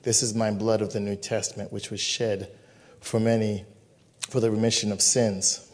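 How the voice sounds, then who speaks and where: A man's voice: on the low side, level tone, moderate pace, a little mellow. A male pastor giving a communion sermon, repeating phrases with emphatic preaching cadence.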